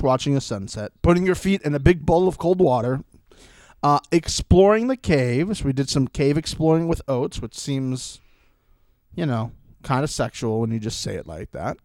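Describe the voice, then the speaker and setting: Lively, mock-dramatic young man co-hosting. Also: fairly high pitch, normal speed, dry recording, clean studio sound. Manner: animated, mock-dramatic asides. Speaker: podcast co-host. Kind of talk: casual podcast banter.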